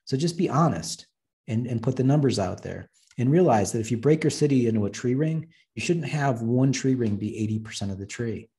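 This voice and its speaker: A man's voice: mid-range voice, animated, fairly quick, dark tone. Blunt man presenting. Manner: blunt, joking, acts out quoted dialogue. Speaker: urban planner giving a webinar talk. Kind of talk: presentation with slides.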